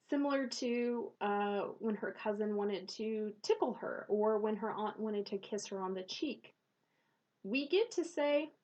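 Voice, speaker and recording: A woman reviewing a children's book for parents, speaking in a thoughtful, measured way with pauses and fillers. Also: medium pitch, darkish tone, dull audio.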